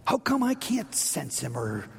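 High-voiced pastor preaching in a hall. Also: male voice, huge pitch swings, measured pace, vocal fry, husky. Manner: dynamic preaching, swinging from loud to near-whisper. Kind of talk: sermon. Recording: long reverb of a large hall.

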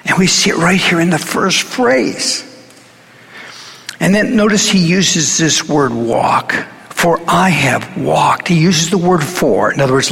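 A man's voice: on the high side, lively intonation, unhurried, vocal fry, fairly bright tone, big-room sound. A man preaching a conversational sermon to his congregation, earnest and urgent, often restarting his sentences and pressing his points. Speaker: pastor.

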